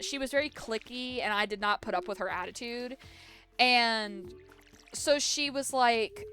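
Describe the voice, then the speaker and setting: A woman's voice: fairly high pitch, bright, forceful tone, clean tone. A woman game streamer chatting casually while she plays, rambling through a story with lots of "like" and free swearing.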